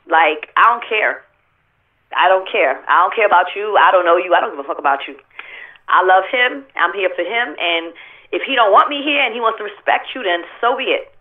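Woman on the phone, sounds tinny, blunt and cussing a lot, animated story. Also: mid-range voice, a little fast. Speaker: interview guest. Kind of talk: candid interview talk.

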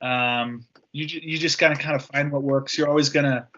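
A man's voice: mid-range voice, fairly even intonation, fairly quick, fairly bright tone, highs cut off. An American man chatting as a guest on a video call, upbeat and enthusiastic. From USA. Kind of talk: casual video call chat.

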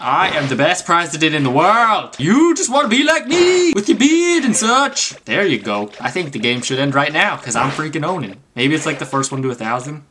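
A woman gives goofy, trash-talking commentary while playing a mobile game. Her voice sits low but swings widely in pitch. A faint hiss sits behind her. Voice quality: goofy, excitable trash talk with sudden squeaky voices. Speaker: gaming commentator. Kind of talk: let's play commentary.

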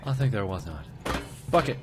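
A young man in his twenties commentating a horror game, with jumpy, loud screaming outbursts and jokey asides. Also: on the low side, lively intonation, normal speed, noisy background. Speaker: let's play host.

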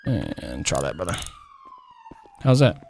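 Excitable slangy man role-playing a cop. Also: low-pitched, slow, gravelly, noisy background. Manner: excitable, slangy, laughs a lot. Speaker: streamer playing a police officer. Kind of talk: role-play game streaming.

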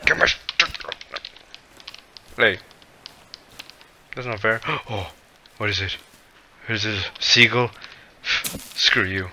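A man's voice: on the low side, steady tone, slow pace, long pauses, pushed and bright, slight background noise. A man playing a survival game, commentating to himself and getting easily frightened. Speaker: gaming channel creator. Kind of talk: let's play commentary.

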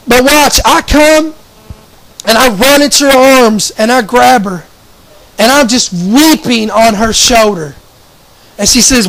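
A man preaches a fervent testimony, and his voice sits very high for a man. He talks with raw emotion and circles back over his words, restarting phrases as the feeling builds. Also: unhurried, fairly bright tone, low-quality recording. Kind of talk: testimony sermon.

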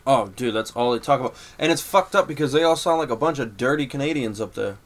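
Brash Boston-accented podcast guest. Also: male voice, medium pitch, expressive, fast. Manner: brash, profane ranting. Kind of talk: casual chat.

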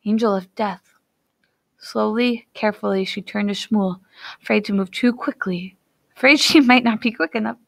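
A woman narrating a novel aloud in a steady, even reading style. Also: mid-range voice, moderate pace, vocal fry, dry recording. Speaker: audiobook reader. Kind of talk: storybook narration.

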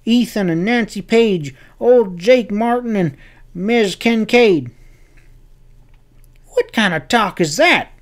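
Male narrator puts on a jittery older frontier gossip, pitched up and loud, rushing news in a folksy drawl. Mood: alarmed.

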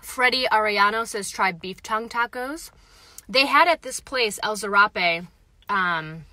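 With a bright, forceful mid-range voice and no room sound around her, a young vlogger reviews a taco on a phone livestream from her parked car. She's chatty and blunt, eating as she talks and reading her viewers' comments out loud.

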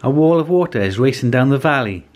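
A gentle, shy giraffe with a surprisingly squeaky, high voice, as a man puts him on. He speaks in a thin, raised tone, well above the storyteller's own low register, as part of a storybook reading. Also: lively intonation, fast, lightly acted. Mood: urgent.

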